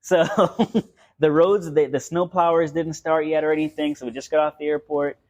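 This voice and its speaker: A man's voice: a little high, little pitch movement, moderate pace, darkish tone. A young man from Florida telling a story in casual podcast chat, rambling and laughing often. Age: young adult.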